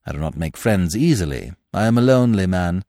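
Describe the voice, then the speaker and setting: A man voicing a suave, verbose young gentleman in a storybook reading, speaking in ornate, grave, mock-sincere sentences. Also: low voice, animated, a little fast, dry recording, clean studio sound. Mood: mock-solemn.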